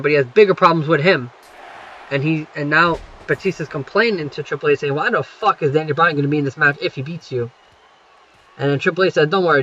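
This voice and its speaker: Man, casual rambling commentary, constant swearing, fairly high pitch, muffled lo-fi recording. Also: sharp tone. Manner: loose, swears constantly, lots of fillers. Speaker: self-styled GM recapping wrestling.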